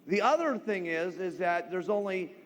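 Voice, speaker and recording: A man's voice: sits high, moderate pace. A man giving a motivational sales talk, telling stories animatedly and checking in with "okay?". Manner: animated storyteller, frequent "okay?" check-ins. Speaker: speaker. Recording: long hall reverb.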